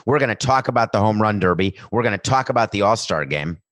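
A man's voice: lowish voice, lively intonation, fast, fairly bright tone, dry recording, clean studio sound. A middle-aged man giving an emphatic, opinionated sports monologue, building his points through long repeated lists. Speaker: sports commentator.

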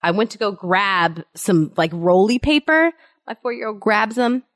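A woman's voice: medium pitch, moderate pace, no room sound, clean studio sound. A young woman co-hosting a casual podcast chat, telling parenting stories and acting out what people said. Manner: animated, acts out quotes in character voices. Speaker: podcast co-host.

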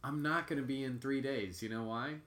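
A man's voice: mid-range voice, fairly quick, fairly bright tone. A young man co-hosting a podcast, joking crudely in casual banter. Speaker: podcast co-host.

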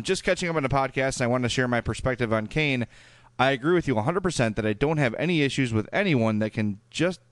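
A man with a Chicago accent co-hosts a hockey podcast in an easygoing, rambling way, dotted with fillers. His voice is smooth and resonant, and the sound is dry and close. He sits at a middle pitch. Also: dry recording. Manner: chatty, full of fillers and restarts. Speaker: podcast co-host. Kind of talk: casual chat, reading listener emails.

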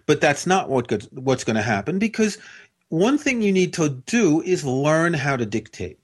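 A man's voice: a little high, very animated, moderate pace, breathy edge. A man with a General American accent, a guest patiently explaining things step by step in an interview. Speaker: guest expert.

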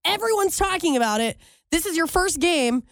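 A young woman co-hosting a radio show, chatting in a playful, animated way. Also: very high-pitched, moderate pace, dry recording, studio quality. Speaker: radio co-host. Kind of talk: casual radio show banter.

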